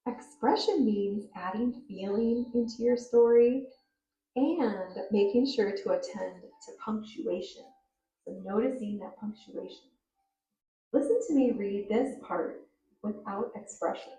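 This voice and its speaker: A woman teacher explaining reading fluency in a clear, measured way and reading a story aloud to show it. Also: mid-range voice, warm tone, muffled recording. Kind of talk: reading instruction with read-aloud demos. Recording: roomy, distant recording.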